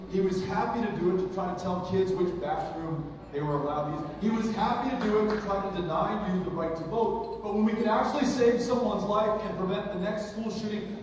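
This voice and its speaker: Impassioned man in a booming hall. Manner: impassioned, builds to loud emphatic delivery. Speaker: political candidate at a town hall. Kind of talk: campaign town hall answer. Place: large echoey hall with audience. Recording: echoey hall, distant, noisy.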